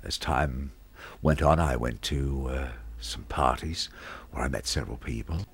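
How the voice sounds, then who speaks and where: A man's voice: a bass voice, a little slow, slight background noise. An Australian man who works as a radio disc jockey, telling stories from his career in an interview and acting out the people in them. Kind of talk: anecdotal storytelling in an interview.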